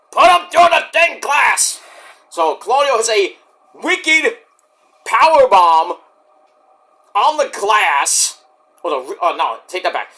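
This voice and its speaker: A man talks through a show in a loose, rambling recap, stopping to correct himself and acting out what others said. His voice sits high and bright. It swings up and down with a lot of energy. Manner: rambling with self-corrections, acts out quotes. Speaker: wrestling reviewer. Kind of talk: casual spoken recap.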